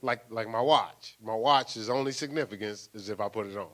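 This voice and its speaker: An older pastor preaches a lively, playful sermon full of laughter and acted-out asides. His voice sits on the low side and he speaks at a normal speed.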